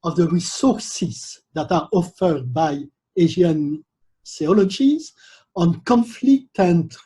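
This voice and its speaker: A man lecturing on theology at a university, speaking in a measured, professorial way with pauses between phrases. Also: high voice, mellow, slightly rough.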